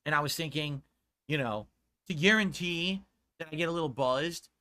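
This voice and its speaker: A man streaming live, talking casually and bluntly to his chat in a laid-back way, with a sore throat and a lower voice than usual. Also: moderate pace, bright, forceful tone. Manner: blunt and profane when scolding chat.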